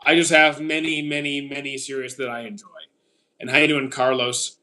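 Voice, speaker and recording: A man's voice: mid-range voice, little pitch movement, moderate pace, bright, forceful tone. Man in his thirties chatting on stream. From Canada. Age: 30s. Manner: reads out viewer questions and answers them briefly with frequent "uh"s. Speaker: streamer answering chat. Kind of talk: casual livestream chat.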